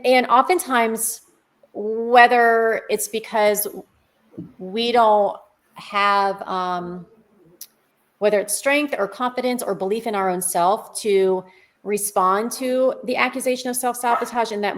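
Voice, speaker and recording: A woman's voice: on the high side, measured pace. A woman co-hosting a faith podcast, speaking in a reflective, explanatory way with rhetorical questions. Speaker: podcast co-host. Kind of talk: conversational faith podcast talk. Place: podcast studio.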